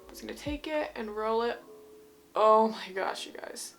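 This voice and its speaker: A woman's voice: a little high, moderate pace, gravelly, soft background music. Bubbly young woman with a Utah accent. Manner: chatty, bubbly, rambling asides. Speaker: beauty vlogger. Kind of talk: casual skincare tutorial. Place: home, indoors.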